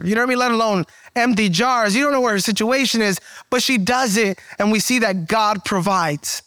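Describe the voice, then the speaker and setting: High-voiced man preaching casually. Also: brisk, sharp tone, dry recording, clean studio sound. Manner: conversational preaching, acts out quoted voices. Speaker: pastor. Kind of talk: sermon.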